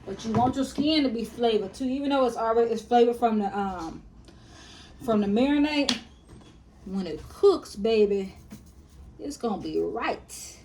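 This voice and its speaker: A woman's voice: on the high side, expressive, normal speed, dark tone, slight background noise. A woman, chatting casually to her viewers as she cooks in her home kitchen and calls them y'all and baby. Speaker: cooking vlogger. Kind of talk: casual cooking tutorial.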